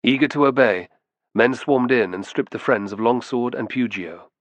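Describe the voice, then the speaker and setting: A man reading an audiobook in a steady, measured storytelling manner on a close studio mic. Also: medium pitch, no room sound. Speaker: audiobook narrator. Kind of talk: scripted narration.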